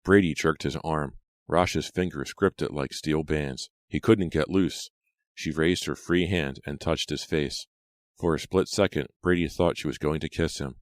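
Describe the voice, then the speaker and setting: A man narrating a horror audiobook in a steady, dramatic way. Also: extremely low pitch, unhurried, no echo.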